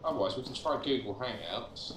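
A man's voice: mid-range voice, expressive, brisk, a bit bright. A man on a call playing a game with a friend, laid-back, joking and swearing casually. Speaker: co-op gaming partner on a call. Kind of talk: casual co-op gaming chat. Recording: echoey room over a voice call, faint noise.

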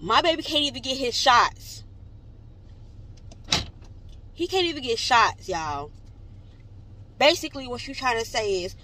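A woman vlogging from inside a car, her voice bright and forceful as she vents to her viewers. She is emotional and repeats herself, calling the audience y'all over and over. Her pitch sits a little high, close to the phone mic. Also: big pitch swings, moderate pace, poor audio. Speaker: family vlogger and mother. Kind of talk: venting to camera in a vlog.

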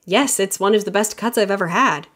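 A woman reading a quiet, resigned young male designer. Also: mid-range voice, fairly quick, natural voice.

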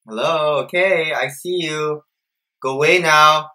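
A young man commentating a horror video game, jumpy and profane, swinging between low mutters and shouted panic. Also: expressive, a little slow. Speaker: gameplay streamer.

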